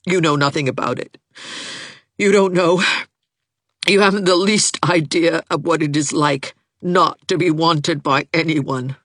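A woman reader voicing a bitter, lonely young woman teacher who speaks haltingly and with self-pity, in an audiobook. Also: low-pitched, a bit bright, no room sound, studio quality. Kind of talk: audiobook character voice.

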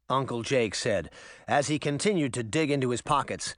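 A man giving an expressive, dramatic audiobook narration. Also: mid-range voice, normal speed, no room sound, clean studio sound. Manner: dramatic, animated reading.

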